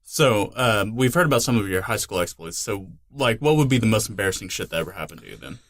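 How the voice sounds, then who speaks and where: Fast-talking low-voiced male co-host. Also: dry recording. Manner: quick deadpan teasing interjections. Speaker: podcast co-host. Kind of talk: casual podcast chat.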